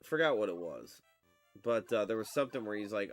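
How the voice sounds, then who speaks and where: A man's voice: fairly low pitch, lively intonation, a little fast, faint music behind. A man chatting casually while he plays a game, telling a rambling story full of fillers and restarts. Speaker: gaming streamer.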